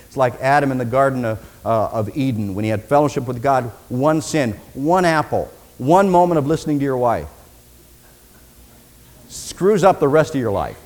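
A man preacher delivering a sermon, dramatic, swinging from loud declaiming to hushed near-whispers. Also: medium pitch, lively intonation, normal speed. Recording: long reverb in a large hall.

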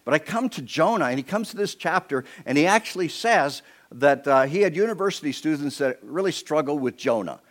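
A man's voice: a little high, animated, brisk. A man preaching a sermon to his church as pastor, telling a personal story and putting on voices for the people in it.

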